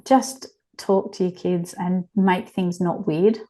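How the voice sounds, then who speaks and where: Frank, animated woman storyteller. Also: fairly low pitch, slow pace. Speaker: guest, child abuse prevention educator. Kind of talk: candid podcast interview.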